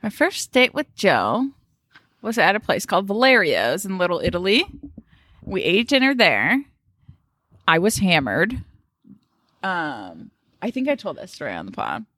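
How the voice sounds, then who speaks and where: A woman co-hosting a podcast, chatting casually and telling stories in an animated, chatty way. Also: fairly low pitch, measured pace, long pauses, dry recording, studio quality. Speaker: podcast co-host. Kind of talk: casual chat.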